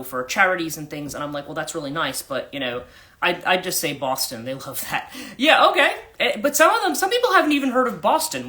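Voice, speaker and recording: Woman, American with a New Jersey and British accent mix, casual livestream chat, rambling with fillers, crisp bright tone. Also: low voice. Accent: mix of central New Jersey and British. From USA. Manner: rambling, many restarts and fillers. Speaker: life coach and livestream host.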